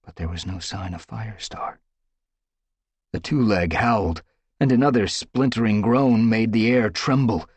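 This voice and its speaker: A man with a husky voice reading an audiobook with dramatic, tense storytelling. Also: fairly low pitch, a little slow, no room sound. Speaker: audiobook narrator. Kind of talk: dramatic scripted narration.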